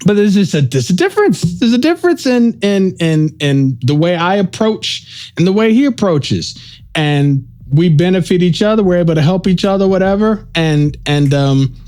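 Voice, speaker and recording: A man's voice: sits high, very animated, moderate pace, a little mellow. A man hosting a podcast, talking through a casual solo monologue in a rambling, reflective way, often checking in with "right?". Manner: informal, says "yo" and "right?". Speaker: podcast host.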